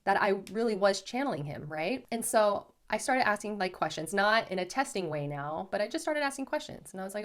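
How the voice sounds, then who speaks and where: A woman host casually recounting a spiritual experience to her viewers, chatty and animated, often saying "like" and "okay". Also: mid-range voice, a little fast, hardly any pauses. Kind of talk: casual storytelling to camera.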